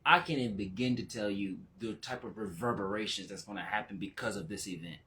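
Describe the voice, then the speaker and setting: Bright-voiced excitable male spiritual teacher. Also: a little hiss or hum. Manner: excitable, laughing, jumps into high exclamations; slows down and goes quiet when reflective. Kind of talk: casual spiritual vlog talk.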